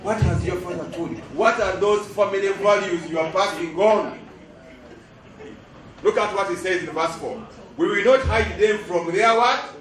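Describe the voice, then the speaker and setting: Heard from a distance in a reverberant hall, a middle-aged Ugandan-accented guest lecturer delivers an emphatic sermon, drawing call-and-response completions from the audience. His voice is high and a bit bright, and he speaks a little slowly.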